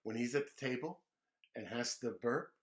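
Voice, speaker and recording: A man gently reading a children's picture book aloud, stopping often to put questions to the kids. His voice sits at an ordinary middle pitch. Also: normal speed. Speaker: children's storyteller.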